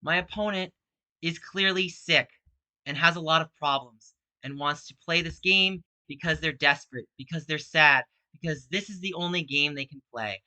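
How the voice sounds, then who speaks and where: A woman's voice: deep voice, normal speed, bright, forceful tone, no echo, poor audio. A woman delivering an agitated, accusatory rant straight at an opponent in a video statement, repeating herself and growing more heated. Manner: repetitive, emphatic, grows more heated. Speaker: speedrunner and video host.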